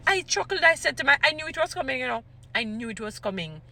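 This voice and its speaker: A woman giving casual commentary, animated and emphatic, repeating phrases for stress. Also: on the high side, quick pace.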